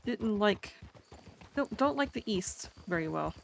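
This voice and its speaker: A woman voicing an easygoing city girl from the East in a frontier-era roleplay chat, agreeable and relaxed in her replies. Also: medium pitch, measured pace, gravelly, slight background noise.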